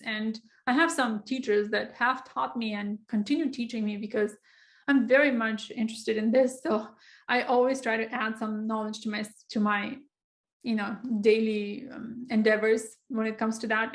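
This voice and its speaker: A woman teaching how to write a personal statement, talking casually with many fillers and acting out sample passages. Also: fairly high pitch. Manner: conversational, frequent fillers, acts out sample writing. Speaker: writing coach. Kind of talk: informal online lesson.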